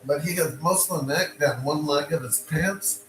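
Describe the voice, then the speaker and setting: A man casually telling a personal story, animated and repeating himself, with frequent stops and restarts. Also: on the high side, a little slow, faint music behind, poor audio.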